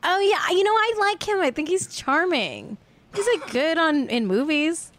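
A young woman hosting a podcast, a little tipsy and chatting casually. She rambles and giggles, full of fillers, and her pitch swings up and down a lot. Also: very animated, a little slow, fairly bright tone. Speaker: podcast host. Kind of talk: casual chat.

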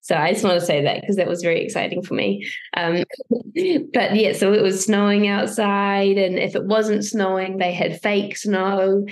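A woman's voice: medium pitch, normal speed. A young woman with a New Zealand accent, chatting as an actor guest in an interview, with frequent fillers and light laughs. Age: young adult. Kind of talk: casual interview chat.

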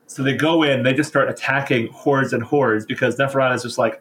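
A man on a podcast retelling a story casually, in slangy, animated speech. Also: medium pitch, brisk, few pauses, slight background noise. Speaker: podcast co-host.

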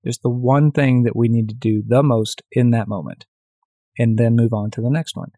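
A man hosting his own coaching podcast, telling a story in a direct, energetic, conversational way. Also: medium pitch, moderate pace, no echo, clean studio sound.

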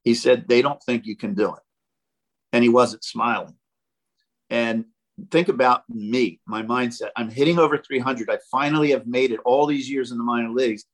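An older man, a former ballplayer, telling animated stories as a podcast guest and acting out the quotes. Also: medium pitch, moderate pace, rough recording. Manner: animated, jokey storyteller who acts out quotes. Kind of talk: casual storytelling.

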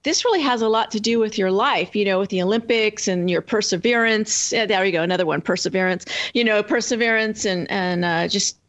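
A woman's voice: medium pitch, brisk, few pauses, fairly bright tone. A woman author talking as a guest in an interview, chatting loosely with many fillers. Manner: rambling, lots of fillers and restarts. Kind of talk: casual interview chat.

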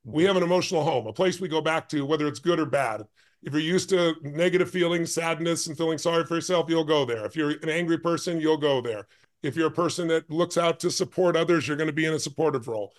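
A man's voice: fairly high pitch, fast talker. Intense, emphatic man telling a story. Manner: emphatic, intense, speeds up in bursts. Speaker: guest, life and business strategist. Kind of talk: storytelling in a podcast conversation.

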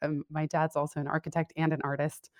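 A woman's voice: low-pitched, flat delivery, fast talker, a little mellow, no echo, studio quality. A woman speaking as an interview guest over a remote call, reflective and candid, laughing easily and often restarting her sentences. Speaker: guest, career coach and business owner. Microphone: remote call audio.

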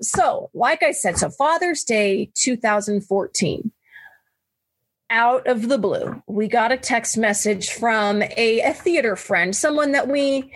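A woman telling a personal story in a casual, animated way, laughing and jumping up high when she quotes her own thoughts. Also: low-quality recording. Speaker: guest sharing adoption story.

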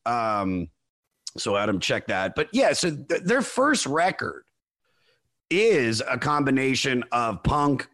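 A man's voice: medium pitch, sing-song, slow pace, a bit bright. A man hosting a podcast in casual chat, joking and swearing freely. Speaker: podcast host.

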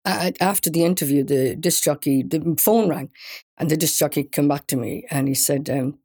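Gravelly older woman telling stories. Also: low-pitched, moderate pace. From Wales. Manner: animated storyteller, laughs often, restarts mid-sentence. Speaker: guest singer. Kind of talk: casual anecdote telling.

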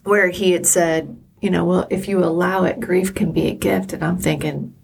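Middle-aged female podcast co-host, low and gravelly, candid and emotional storyteller. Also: fairly even intonation, moderate pace, a little hiss or hum. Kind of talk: casual chat.

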